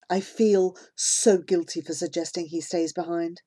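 A woman narrating a children's novel in first person as an audiobook, calm and measured. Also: lowish voice.

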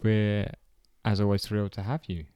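A man's voice: on the low side, level tone, moderate pace, dark tone, clean tone, no echo. A man in his thirties co-hosting a podcast in casual chat, dry and self-deprecating, with a slightly sore throat and frequent laughs. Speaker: podcast co-host.

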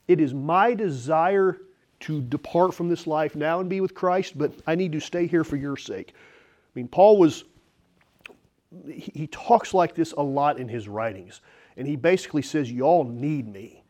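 A man preaching a sermon, reading scripture and slipping into candid, joking asides. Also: fairly high pitch. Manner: conversational preaching with self-deprecating asides and laughs; reads scripture aloud, rising animated at personal points. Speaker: pastor.

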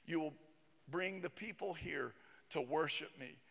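A man voicing God as a calm, solemn presence, speaking low and hushed. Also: unhurried, vocal fry, in a large hall, full character voice. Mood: calm assurance.

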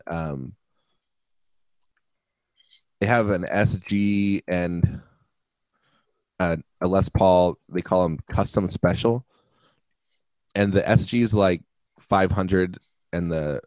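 A man's voice: sits low, a little mellow, dry recording, rough recording. A man co-hosting a podcast in casual chat, talkative and laughing often. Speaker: podcast co-host.

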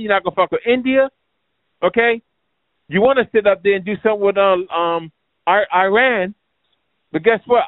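A man's voice: sits high, no echo. A man hosting a show, ranting in a combative, profane, rambling way. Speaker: show host. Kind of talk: ranting commentary. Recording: tinny phone-like, dry sound.

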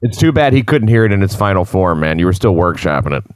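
A male stand-up comedian guest in a casual chat, talking in a laid-back, halting, dry way. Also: low voice, sing-song, a little hiss or hum. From United States.

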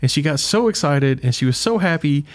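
Animated man telling a story. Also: a little high, a little fast. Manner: animated storyteller, chuckles while talking. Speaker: podcast host. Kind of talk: casual chat, storytelling.

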